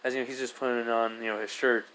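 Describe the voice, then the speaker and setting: A man's voice: mid-range voice, little pitch movement, fast talker, a bit bright, poor audio. A young man narrates a fan-made story off the cuff. He stumbles, restarts and corrects himself as he goes. His voice sits in a plain middle register. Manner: rambling and hesitant, many fillers and self-corrections. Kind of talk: improvised fan-fiction retelling.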